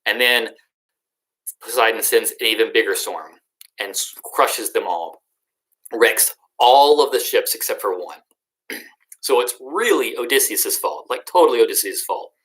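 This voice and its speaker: A man's voice: lowish voice, expressive, unhurried, fairly bright tone, poor audio. A young adult male teacher recapping a story in a recorded lesson, in a casual, slangy and joking way.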